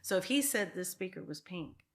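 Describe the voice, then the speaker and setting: Woman in her 50s chatting on an interview, earnest and reflective, voice a bit low. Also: expressive, moderate pace. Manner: earnest, reflective, with frequent restarts and soft laughs. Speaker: guest, real estate broker. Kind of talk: casual interview talk.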